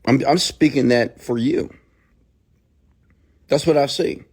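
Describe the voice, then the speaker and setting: A middle-aged man giving a motivational monologue, emphatic and swinging from hushed near-whispers to shouts. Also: mid-range voice, takes it slowly, slightly rough. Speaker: motivational speaker.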